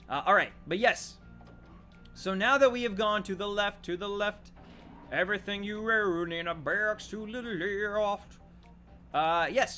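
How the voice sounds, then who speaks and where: High, lively male game streamer. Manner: excitable, chatty, thanks viewers. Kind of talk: live gameplay commentary.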